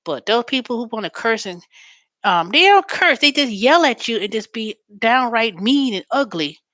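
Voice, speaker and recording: A woman hosting a show in a chatty, storytelling way, turning animated when she quotes callers. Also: a little high, normal speed, no echo. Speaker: host. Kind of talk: casual chat.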